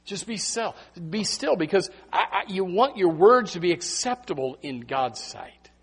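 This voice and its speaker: A man preaching in a church with a high, husky voice that leaps up and down. He hammers his points home, repeating phrases and dropping to near-hushed tones before rising to loud exhortation. His pitch roams widely from line to line. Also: animated, unhurried. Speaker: pastor. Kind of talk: sermon. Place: church sanctuary.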